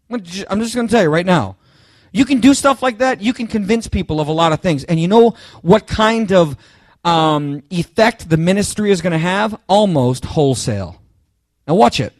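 A man with a fairly high voice delivers a sermon, pressing his points with sudden loud bursts and talking straight to his listeners. He stumbles and restarts phrases as he goes. The sound is dry and close, with no room around it. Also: no room sound. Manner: emphatic, rising to loud bursts on key phrases; halting restarts, addresses listeners directly. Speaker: preacher.

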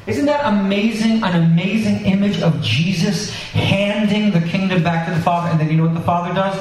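A man's voice: sits high, brisk, darkish tone, distant mic, slight background noise. A man preaching a sermon and reading scripture, talking conversationally with asides to his congregation. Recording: echoey hall, voice picked up from afar.

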